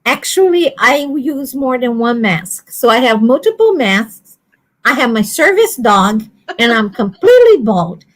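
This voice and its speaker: A woman with a high voice, chatting casually on a livestream. She tells lively stories, acts out bits of dialogue and laughs often. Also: measured pace. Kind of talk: casual chat.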